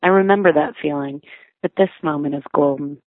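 Low-voiced woman reading her memoir, wry. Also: fairly quick, no room sound. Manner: wry, reflective storytelling. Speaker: memoir narrator, mother. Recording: thin phone-like sound, dry.

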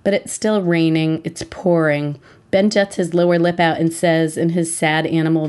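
A woman's voice: low voice, little pitch movement, moderate pace, hardly any pauses, darkish tone, clean tone. A woman reading her own personal essay aloud as a mother, in a wry, reflective way.

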